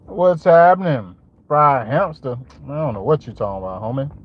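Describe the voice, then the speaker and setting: A man's voice: mid-range voice, sing-song, normal speed, highs cut off. Slangy, laid-back man vlogging. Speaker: lawn care business owner. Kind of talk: casual vlog talk to camera.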